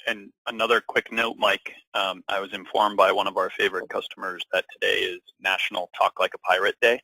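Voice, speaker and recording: A man's voice: deep voice, flat delivery, brisk, gravelly, bright, forceful tone, slightly rough, no room sound, rough recording. A middle-aged man introducing himself on a business webinar, casual and hesitant with many fillers. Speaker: co-presenter, sales VP.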